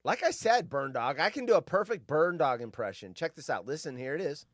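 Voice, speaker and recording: A man's voice: on the high side, very animated, fairly quick. A man in his fifties from California, hosting a show and telling rambling, nostalgic stories full of tangents. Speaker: show host. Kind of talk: casual rambling monologue.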